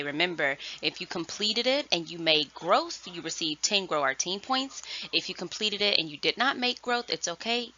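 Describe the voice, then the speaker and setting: A woman first grade teacher giving a virtual lesson, speaking slowly and enunciating clearly. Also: lowish voice, bright, forceful tone, slight background noise. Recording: dull lo-fi sound.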